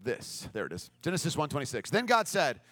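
A man preaching a sermon as pastor, telling a story in an animated way and acting out the voices of the people in it. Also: on the high side, brisk, no room sound.

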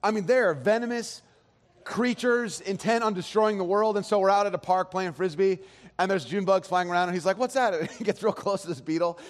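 Pastor, man, 30s, fairly high pitch, chatty rambling delivery, reverberant sanctuary. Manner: casual rambling storytelling with restarts; soft slow prayer voice. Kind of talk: sermon with prayer and storytelling. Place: church sanctuary. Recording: long hall reverb.

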